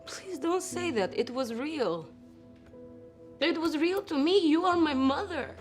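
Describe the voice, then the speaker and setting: A hurt young Russian ex-spy. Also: female voice, sits high, expressive, measured pace, soft background music. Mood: pleading. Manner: pleading, emotional. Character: hurt young woman, former spy sister. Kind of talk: film dialogue.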